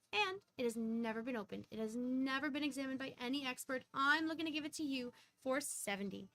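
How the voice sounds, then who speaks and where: A young woman with a high voice runs a live-stream coin auction. She rattles off prices and counts down bids in quick auctioneer patter, breaking into sudden bursts of excitement.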